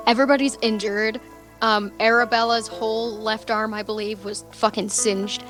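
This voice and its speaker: A woman's voice: a little high, fairly even intonation, unhurried, fairly bright tone, soft background music. A sleep-deprived young woman casually recapping a tabletop game, laid-back and swearing. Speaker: player giving the recap.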